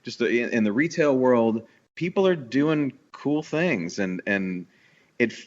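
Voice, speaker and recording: A man's voice: medium pitch, expressive, unhurried, highs cut off. A man from the New York area talking as a business owner in a casual podcast interview, eager and rambling with many restarts. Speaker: guest, bakery owner.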